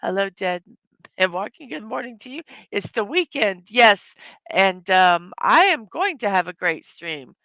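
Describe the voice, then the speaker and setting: A hoarse, tired woman chats through a relaxed morning livestream and welcomes viewers one after another. Her voice is gravelly and her pace slow and unhurried. The sound is close and dry. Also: mid-range voice, no echo. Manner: warm greetings to chat viewers one by one. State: tired from little sleep. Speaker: livestream host. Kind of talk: casual morning livestream chat.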